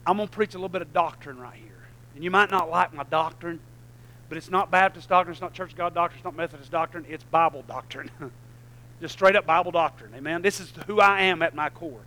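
A middle-aged man, preaching a sermon that swings between low conversational asides and loud, shouted passages. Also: brisk, rough recording.

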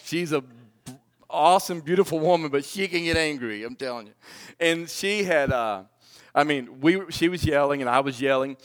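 A man in his forties preaching a personal testimony, swinging from loud pleading to hushed, low confession. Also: moderate pace. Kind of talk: sermon testimony.

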